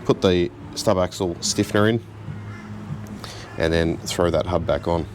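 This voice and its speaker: Speaking a little slowly in a very low voice, a home mechanic host narrates a car repair in his garage in a relaxed, chatty, self-deprecating way. Faint background hiss can be heard under his voice.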